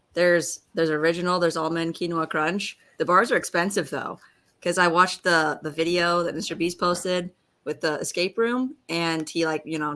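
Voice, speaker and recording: A woman's voice: on the low side, fairly bright tone. A woman on a live stream panel chatting in an upbeat, casual way. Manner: upbeat, chatty, says like a lot. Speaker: panel guest. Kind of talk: casual chat.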